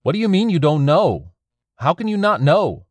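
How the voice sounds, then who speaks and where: A man voicing a worried but steady young man, reasoning and incredulous. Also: a little high, moderate pace, no echo, voice pushed up.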